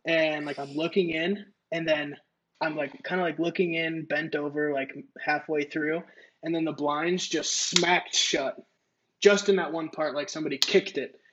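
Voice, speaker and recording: A man's voice: fairly high pitch, steady tone, normal speed, a bit bright, dull audio. A man on a podcast telling a story in a casual, rambling way, swearing and using lots of filler words. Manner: rambling, profane, filler-heavy. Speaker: podcast co-host.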